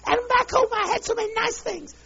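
Brief: a man doing a whiny homesick complainer, shrill mocking falsetto, dull old tape. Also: fairly quick, creaky, noisy background. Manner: mocking, sing-song.

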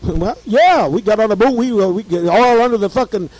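A high-pitched man with a hoarse edge tells his story in a heated, profane monologue. He piles on curses and repeats phrases as he builds from a grumble to a shout. The delivery is fiery and unpolished. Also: lively intonation, brisk, no echo, rough recording.

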